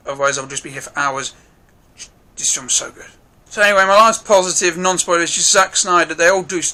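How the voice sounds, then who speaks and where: A man reviewing a film in a casual, gushing way. His voice is high and bright, and he talks excitably and swears freely.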